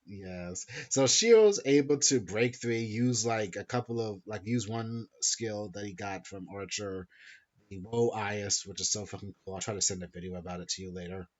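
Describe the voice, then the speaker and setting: A man with a low voice hosts a podcast, recapping a story in a loose, rambling way, correcting himself and swearing freely. The audio is dull and lo-fi. His talk is casual and unscripted. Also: moderate pace. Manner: rambling, profane, self-correcting. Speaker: podcast host. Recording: dull lo-fi sound.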